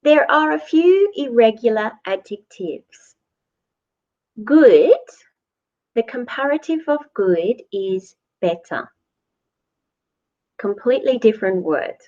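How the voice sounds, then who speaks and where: A woman teaching English grammar, speaking very slowly and deliberately so learners can follow. Her voice is lively and rises and falls a lot on each example word. The recording sounds dull and lo-fi. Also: on the high side. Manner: slow, deliberate, repeats words for learners. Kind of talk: slow grammar lesson.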